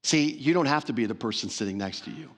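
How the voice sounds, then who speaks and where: A man's voice: medium pitch, animated, fast talker. A man preaching a sermon as pastor, earnest and emphatic, repeating phrases for stress. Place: church sanctuary.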